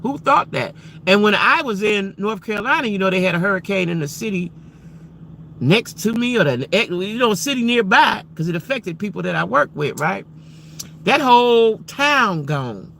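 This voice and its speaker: High, gravelly man chatting to viewers. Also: animated, normal speed, pushed and bright, slight background noise. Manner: repetitive, emphatic, addresses viewers directly; frequent rhetorical questions. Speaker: livestream host. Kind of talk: casual live-stream commentary to chat.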